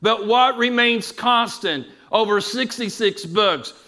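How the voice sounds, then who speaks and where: A man preaching an evening Bible teaching, measured and explanatory, putting questions to his congregation. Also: sits high, bright, forceful tone. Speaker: pastor.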